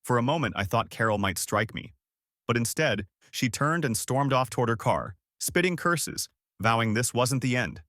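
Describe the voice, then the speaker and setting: Man narrating a dramatic story, lively. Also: medium pitch, normal speed, dry recording, studio quality. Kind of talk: scripted first-person story narration.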